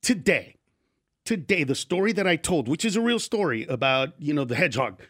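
A man from Honduras, a stand-up comedian guest on a radio show, chatting casually and telling animated stories full of acted-out quotes. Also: a little high, a little fast, slightly rough. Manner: animated storyteller who acts out quoted voices. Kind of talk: casual radio interview chat.

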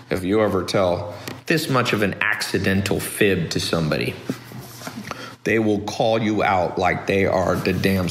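Man, low-ish voice, blunt and opinionated, casual podcast monologue, echoey room. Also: slight background noise. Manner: blunt, opinionated, animated storytelling. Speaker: podcast host.

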